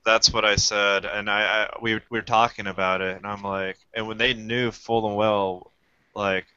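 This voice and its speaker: A man calmly recounting his experience in a casual panel chat. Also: on the low side, normal speed, clear, resonant tone, no echo. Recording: dry, dull lo-fi audio.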